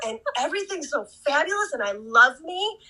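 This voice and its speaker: A woman calling in to a live Q&A who talks in an excitable, gushing way and breaks into giggles. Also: high-pitched, brisk, noisy background. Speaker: caller. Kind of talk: live audio-room Q&A.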